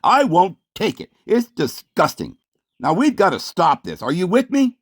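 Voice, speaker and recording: A man's voice: high voice, huge pitch swings, moderate pace, breathy edge, dry recording, studio quality, full character voice. A man playing a prim, fussy neighbor knocking at a door, hesitant and stammering. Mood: fussy indignant.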